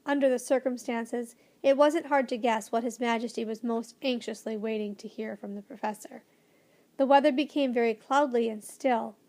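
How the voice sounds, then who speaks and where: A woman narrating a children's storybook with a gentle, expressive reading. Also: fairly high pitch, normal speed. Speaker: audiobook narrator.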